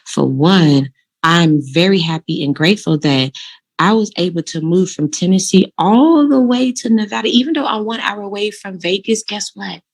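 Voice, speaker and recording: A woman vlogging casually, giving motivational law of attraction tips and telling her own story in an animated, informal, direct way. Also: mid-range voice, normal speed. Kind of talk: casual motivational vlog talk.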